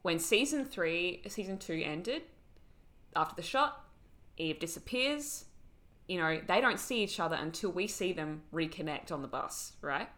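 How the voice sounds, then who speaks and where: A woman co-hosting a podcast, recapping a TV episode as a rambling, animated storyteller in casual chat. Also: lowish voice, measured pace. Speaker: podcast co-host.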